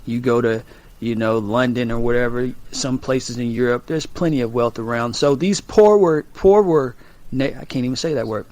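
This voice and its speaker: A man's voice: medium pitch, steady tone, brisk, no echo. A man co-hosting a talk radio show, arguing his point and repeating himself to break in. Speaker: radio co-host. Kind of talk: casual talk radio debate.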